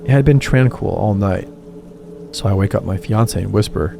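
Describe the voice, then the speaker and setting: Gravelly man narrating over music. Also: on the low side, moderate pace. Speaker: horror story narrator. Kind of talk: scripted narration. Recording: music bed under the voice.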